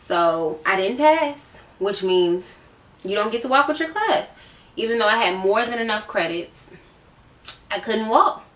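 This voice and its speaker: A late-teens woman from Virginia vlogs candidly to camera in a casual, emotional storytime, often repeating herself for emphasis. Her voice is medium-pitched and fairly bright, heard from a distance in a roomy-sounding recording.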